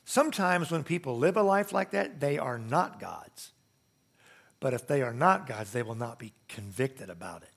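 A man's voice: a little high, creaky. A man preaching a sermon to a congregation in a church, emphatic and conversational, asking rhetorical questions. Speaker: pastor.

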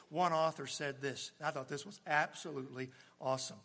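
An older man preaching with a high voice, his delivery swinging from loud, emphatic cries to hushed, almost whispered lines. He drops in chuckling jokes for the congregation, and a long hall reverb trails after his words. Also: fairly even intonation, fairly quick, hardly any pauses. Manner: jokey asides with chuckles to the congregation. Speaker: pastor. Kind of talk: sermon.

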